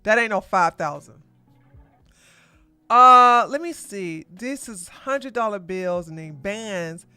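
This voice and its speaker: A woman hosting a live political commentary stream, animated and sarcastic, exclaiming and talking to her chat. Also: medium pitch, slow, clear, resonant tone, no room sound, faint music behind. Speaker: podcast host.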